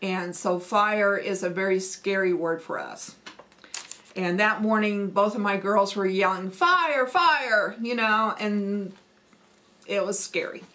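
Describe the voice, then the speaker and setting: A woman's voice: medium pitch, level tone, measured pace, a bit bright. A woman with a Missouri Midwestern accent, hosting a homesteading vlog in a chatty, folksy manner. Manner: chatty, folksy, with fillers and laughs. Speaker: homesteading channel host. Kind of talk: casual accent-challenge vlog.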